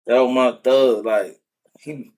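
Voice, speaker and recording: A man's voice: mid-range voice, steady tone, slow pace, a little mellow. A man chatting casually on a livestream from his phone, wistful and full of slang as he rambles.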